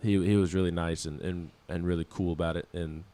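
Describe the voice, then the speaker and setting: Low-voiced man rambling on sports radio. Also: steady tone, a little fast, dark tone. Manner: rambling, many restarts, laughs at himself. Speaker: co-host of a sports talk show. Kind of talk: casual sports talk. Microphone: studio microphone.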